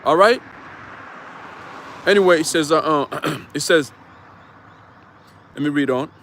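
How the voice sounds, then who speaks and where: Outdoors with traffic nearby, a man streams live as a street preacher, preaching from scripture. He's rambling and forceful, curses frequently, and leans on fillers. His voice is highish and fairly bright, and he takes his time.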